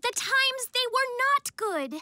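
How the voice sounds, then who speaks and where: A formal, high-voiced alien girl. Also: big pitch swings, slow, no echo, exaggerated voice. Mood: earnest. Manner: formal, odd stilted phrasing. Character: cheerful alien teen girl heroine. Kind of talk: cartoon voice acting. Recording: studio voice over loud music.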